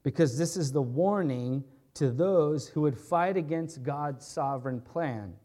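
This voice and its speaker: Guy preaching a sermon, kinda high but mellow warm voice, chatty, keeps saying right?. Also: unhurried. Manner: conversational, often checks in with "right?"; earnest, explains and restates points. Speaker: pastor. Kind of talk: expository sermon.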